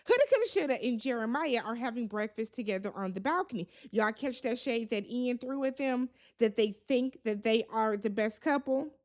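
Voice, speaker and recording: A woman's voice: on the high side, lively intonation, normal speed, few pauses, darkish tone. A woman giving a casual reality show recap in a sassy, chatty and opinionated way. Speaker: recap vlogger.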